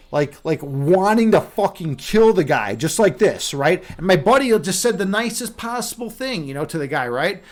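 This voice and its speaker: Rambling man streamer, slightly high voice. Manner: rambling storyteller with many fillers and restarts. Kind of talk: casual live-stream chat.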